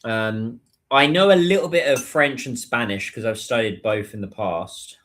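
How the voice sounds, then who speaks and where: British male streamer, casual, talks to chat on his phone, mid-pitched voice. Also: moderate pace, a bit bright. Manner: chatty, reads out and answers viewer comments. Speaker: livestreamer.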